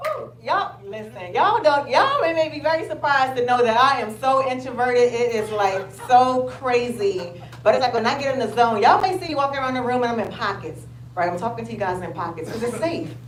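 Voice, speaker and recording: High, animated woman in an echoey room. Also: a little fast, hardly any pauses. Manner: animated, excitable, loud outbursts then soft and heartfelt. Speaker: attendee asking a question. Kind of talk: emotional, chatty sharing at a live event. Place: large event room with an audience. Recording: echoey room, noisy ambience.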